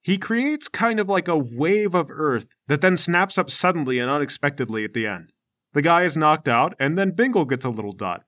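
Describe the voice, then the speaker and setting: A man narrates as game master of a tabletop game, playful and lively, tossing in sound effects. His voice is bright and a touch high. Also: normal speed.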